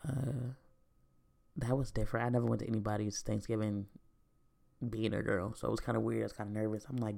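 A woman's voice: very deep voice, fairly even intonation, brisk, gravelly, dark tone. A young woman talking to her viewers in a casual, rambling monologue, candid and slangy, swearing freely. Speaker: vlogger.

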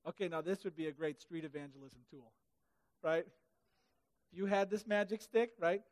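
A man preaching a sermon in a church hall, animated and comic, acting out the Bible characters in funny voices. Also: high voice, moderate pace. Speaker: pastor. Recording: hall reverb.

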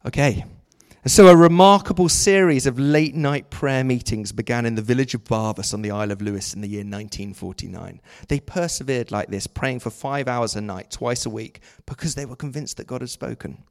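A middle-aged man preaching a sermon, telling a story with lively, jokey asides. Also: mid-range voice, a little fast, few pauses.

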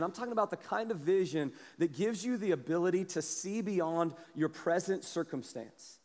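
A man preaching a sermon as a pastor, telling a story with animated energy and a slight cough. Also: high voice, big-room sound. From Kansas, US. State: has a cough.

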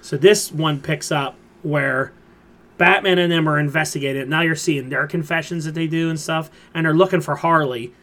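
This man hosts a laid-back pop culture podcast, chatting through comic storylines in a wandering way packed with filler words. He speaks at a moderate pace in a slightly high, fairly bright voice.

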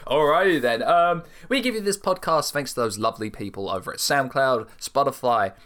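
A man's voice: medium pitch, animated, brisk, a bit bright, a little hiss or hum. A man hosting a wrestling podcast with a casual chat style and a theatrical, upbeat way of opening the show. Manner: upbeat, theatrical intro delivery. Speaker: podcast host.

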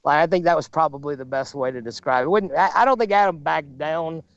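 High-pitched guy calmly jumping in to play peacemaker, dull dry audio. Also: quick pace. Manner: placating, defends others, interjects. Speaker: podcast co-host. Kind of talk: casual chat.

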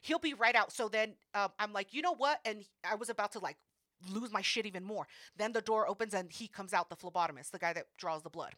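A woman co-hosting a podcast, telling a story in an animated, profane way and acting out what people said. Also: mid-range voice, brisk, no room sound, studio quality. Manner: animated, profane, acts out quotes. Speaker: podcast co-host. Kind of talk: casual storytelling.

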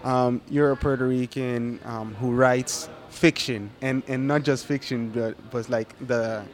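A man hosting a podcast interview in a coffee shop, laughing often and halting with fillers. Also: mid-range voice, fairly even intonation. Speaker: podcast host. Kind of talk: casual interview chat.

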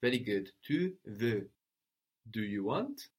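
A man teaching a language lesson, patiently modeling pronunciation slowly and asking a student to repeat. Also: lowish voice, big pitch swings, breathy edge.

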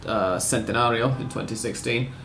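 A man's voice: medium pitch, fairly even intonation, moderate pace, fairly bright tone, reverberant, a little hiss or hum. A man hosting a casual football podcast, talking in long rambling sentences with wry self-corrections. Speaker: podcast host.

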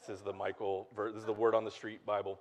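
A man preaching a sermon as pastor in a relaxed, conversational way, full of fillers and asides to the congregation. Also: on the low side, fast talker. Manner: casual and chatty, lots of "like" and "right?".

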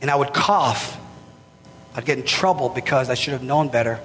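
A man preaching a sermon, telling his own story, building from quiet, halting speech to raised, emphatic preaching. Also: medium pitch, big-room sound, a little hiss or hum. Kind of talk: sermon testimony. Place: church.

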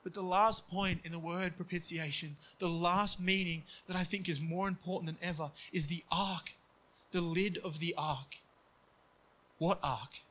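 Bright high-voiced male preacher. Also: fairly even intonation, measured pace, low-quality recording. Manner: earnest, acts out quoted voices in hushed tones. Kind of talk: sermon.

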